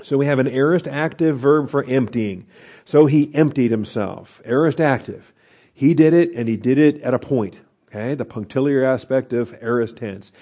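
Male pastor, mellow mid-range voice, verse-by-verse teaching with frequent "okay?" check-ins. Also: medium pitch, moderate pace. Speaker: pastor teaching a Bible study. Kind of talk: expository sermon.

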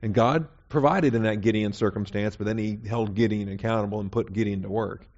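A man's voice: fairly low pitch, steady tone, a little fast, darkish tone, highs cut off. A man teaching a Bible class in a conversational sermon style, often checking in with "okay?". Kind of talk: sermon lecture.

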